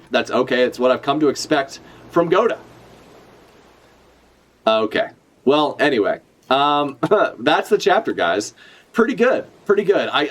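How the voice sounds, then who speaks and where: Profane rambling male streamer. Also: medium pitch. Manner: rambling, profane, self-correcting. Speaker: streamer reacting to a comic chapter. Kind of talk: casual live reaction chat.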